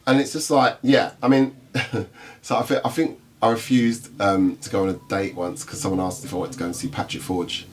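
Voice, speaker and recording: A man's voice: lowish voice, flat delivery, fairly quick, slight background noise. A man co-hosting a podcast in casual chat, rambling with laughing asides. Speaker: podcast co-host.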